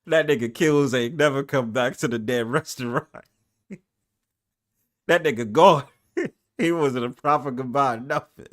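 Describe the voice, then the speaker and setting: A man with a New York accent hosting a casual livestream panel, laughing often and cursing freely, swinging between loud bursts and low mumbles. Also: a little slow, long pauses.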